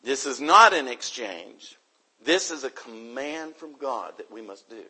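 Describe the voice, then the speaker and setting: A man's voice: medium pitch, expressive, a little slow, bright, forceful tone, breathy edge, poor audio. A man from the United States preaching an emphatic sermon into a microphone, repeating his key points for stress.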